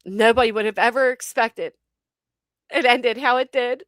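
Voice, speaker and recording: A woman hosting her channel, telling a comic story to her live chat with animated, profane delivery and dramatic pauses. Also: a little high, no echo, studio quality. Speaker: channel host.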